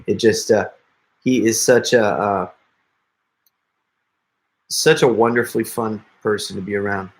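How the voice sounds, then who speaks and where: A man's voice: fairly low pitch, steady tone, a little slow, pauses often. A middle-aged man chatting casually with viewers on a live stream, joking and laughing often. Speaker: prank video creator hosting a live stream.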